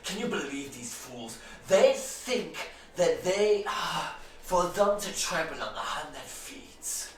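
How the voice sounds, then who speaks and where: Man doing a smug young high elf officer. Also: big pitch swings, slow pace, hardly any pauses. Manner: condescending, smooth-talking. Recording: echoey room, distant mic, noisy.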